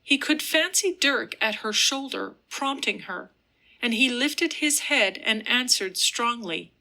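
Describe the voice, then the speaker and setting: A woman narrating a gothic novel as an audiobook, in a measured, soft storytelling manner. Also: fairly high pitch, lively intonation.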